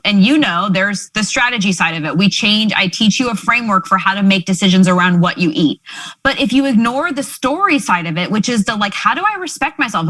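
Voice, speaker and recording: A woman's voice: mid-range voice, fairly bright tone. A woman hosting a podcast as a coach, talking in an emphatic, encouraging way with many "you know"s and "like"s. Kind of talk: conversational podcast interview.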